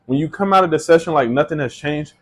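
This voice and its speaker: A man with a slightly high voice talks straight to camera in a loose, conversational monologue. He swears freely and jokes as he goes, recorded close on a small personal mic. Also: quick pace, breathy edge. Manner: profane, joking, conversational. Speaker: manifestation vlogger.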